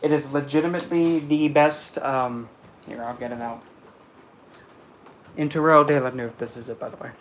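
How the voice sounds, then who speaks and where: A man's voice: medium pitch, steady tone, normal speed, pauses often, highs cut off, slight background noise. A man chatting casually and playfully about tarot decks, rambling as he goes. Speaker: tarot deck reviewer. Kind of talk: casual chat.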